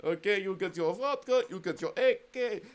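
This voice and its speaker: A man's voice: high-pitched, expressive, moderate pace, voice pushed up. A man putting on a broken-English Russian comrade. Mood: boastful. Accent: put-on Russian. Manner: broken English, fake gruff comrade bravado. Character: mock Russian soldier man, doting on his rifle.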